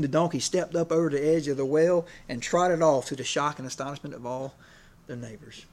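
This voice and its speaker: A man who is both a preacher and a PE teacher delivers a sermon conversationally, with many fillers and restarts, growing emotional at times as he tells stories. His voice is fairly high in pitch with a darkish tone.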